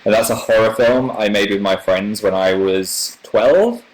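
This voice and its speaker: Man, 20s, from northern England, YouTuber host, casual livestream chat, chatty and rambling, lowish pitch. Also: a little slow, low-quality recording. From northern England, near Manchester. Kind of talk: casual livestream chat reading viewer comments.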